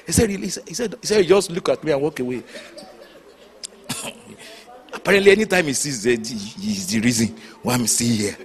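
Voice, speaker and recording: A man preaching a sermon, telling stories with sudden shouts and hushed asides. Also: medium pitch, a little fast, long pauses. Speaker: pastor.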